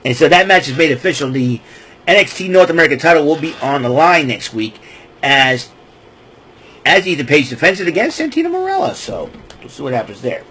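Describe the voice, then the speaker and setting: Male podcast host, husky voice, casual rambling wrestling recap. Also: on the high side, sing-song, a little fast, a bit bright, poor audio. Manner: rambling, loose retelling with fillers and restarts.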